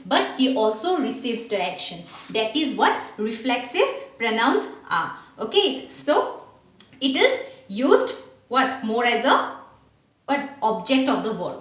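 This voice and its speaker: Slow, high-voiced woman teaching an online class. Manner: slow, repetitive teaching with rhetorical "what?" questions. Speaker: school teacher. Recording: dull, roomy recording from a distance.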